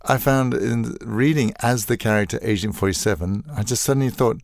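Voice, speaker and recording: An older man, a voice actor guest telling animated stories in a casual interview and acting out quoted lines. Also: mid-range voice, a little fast, gravelly, no room sound, studio quality. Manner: animated storyteller, acts out quoted lines, laughs often.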